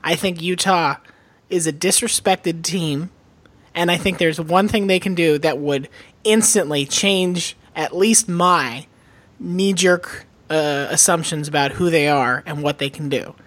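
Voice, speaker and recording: A man co-hosting a podcast in casual chat, animated and putting on voices for mock quotes. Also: on the high side, unhurried. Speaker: podcast co-host.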